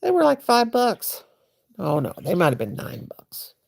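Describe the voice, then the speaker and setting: A woman's voice: mid-range voice, wildly swooping pitch, normal speed, vocal fry. A woman hosting a crochet livestream, chatting to viewers in a rambling, folksy way while she crochets. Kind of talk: casual livestream chat.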